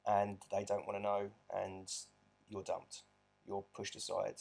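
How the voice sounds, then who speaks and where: A man's voice: fairly low pitch, normal speed, creaky, slightly rough. A man talking earnestly about his own experience in a reflective storytelling monologue, often restarting his sentences. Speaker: abuse survivor vlogger.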